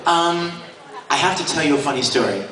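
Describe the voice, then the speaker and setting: Excited guy storytelling at a con panel, voice jumps all over, echoey hall, caught from far back on a camera. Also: on the high side, fairly quick, a crowd in the background. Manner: lively, enthusiastic, laughs while telling stories. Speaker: voice actor guest on a convention panel. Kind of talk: animated storytelling to an audience. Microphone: handheld camera in the audience.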